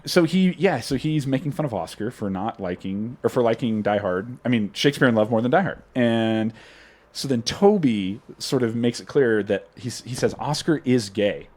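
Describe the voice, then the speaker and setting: Brief: male podcast host, casual rambling recap, mid-pitched voice. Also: expressive, normal speed, a little mellow. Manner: rambling, retells scenes with quoted voices.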